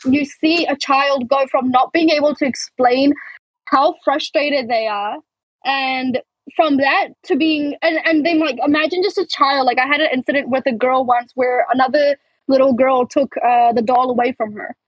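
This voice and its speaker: A woman's voice: sits high, normal speed, dry recording. A young woman co-hosting a podcast in casual chat, telling stories with many fillers and restarts. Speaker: podcast co-host. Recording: dull lo-fi, dry sound.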